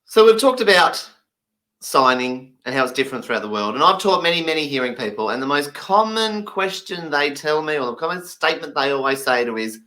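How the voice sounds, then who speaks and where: Male voice interpreting stand-up comedy, higher than most men, bright and lively, acts out quoted characters. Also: brisk, low-quality recording. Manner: animated, acts out quoted people.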